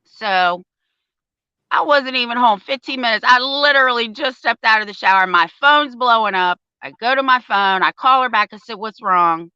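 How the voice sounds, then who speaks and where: A woman's voice: on the high side, moderate pace, clean tone, no room sound, lo-fi sound. An older woman, a parent advocate, telling a story in casual talk and acting out the quoted voices. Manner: animated storyteller, acts out quotes.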